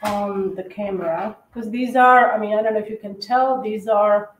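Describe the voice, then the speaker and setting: A woman's voice: medium pitch, fairly even intonation. Chatty woman decorating cookies, echoey room. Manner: halting, many fillers and restarts. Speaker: cookie decorating livestream co-host. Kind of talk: casual tutorial chat while decorating.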